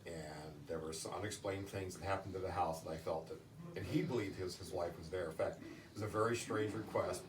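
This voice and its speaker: A middle-aged man answering interview questions, telling stories in a halting way with many restarts. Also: low-pitched, steady tone. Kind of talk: casual storytelling in an interview. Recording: distant roomy recording with faint noise.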